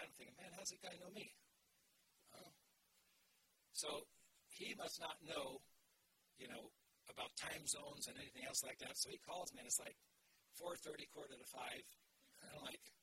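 A man's voice: fairly high pitch, noisy background. A man giving a sermon to a live group, lecturing emphatically and telling stories in asides. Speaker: preacher.

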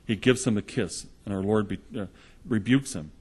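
A man's voice: on the low side, normal speed, a little mellow, husky. A man preaching a sermon, earnestly retelling gospel scenes in the present tense.

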